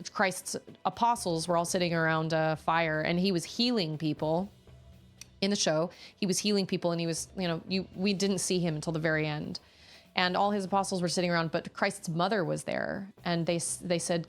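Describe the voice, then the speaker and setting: A woman in her thirties hosts a casual stream chat, her voice low and full of gravelly fry. She rambles warmly from one thought to the next, restarting sentences often. Faint game music plays underneath. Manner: rambling, chatty, with frequent restarts and laughter.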